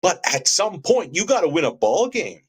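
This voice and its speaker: A man's voice: high voice, big pitch swings, normal speed, husky. Passionate male sports radio host. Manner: passionate, building rants with rhetorical questions.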